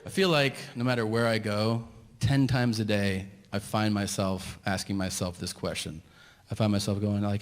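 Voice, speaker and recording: A man doing a stand-up comedy set, telling his story in an incredulous, ranting way that climbs toward shouting. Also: lowish voice, fairly even intonation, moderate pace. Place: large theater stage with audience. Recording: live hall with long reverb and audience noise. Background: audience laughter.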